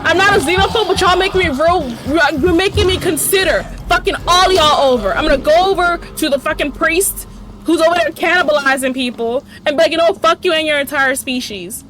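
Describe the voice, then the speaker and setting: Commentating on gameplay as a let's play host, a woman swears freely, rants with sarcasm, and answers back to the characters on screen. She has a very high-pitched voice and speaks fairly quickly.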